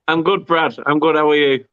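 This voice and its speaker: A man's voice: fairly high pitch, pushed and bright, clear, resonant tone. A man guesting on a casual fan show, hesitant and stumbling over his words. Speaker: guest co-host. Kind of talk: casual chat. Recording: dull lo-fi sound.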